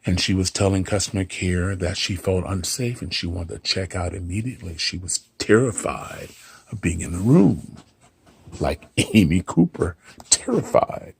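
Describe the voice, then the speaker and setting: Brief: middle-aged man recounting a work story, husky and dry-sounding, casual with a wry edge. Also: deep voice, normal speed, no room sound. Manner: conversational, re-enacting dialogue with dry humor. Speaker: hotel front desk clerk.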